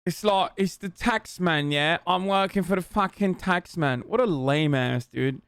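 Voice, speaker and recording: High-pitched profane young man reacting. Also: unhurried, a bit bright, clear, resonant tone, dry recording, clean studio sound. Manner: profane, mocking, incredulous. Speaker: streamer reacting to a TV show. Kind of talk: casual reaction commentary.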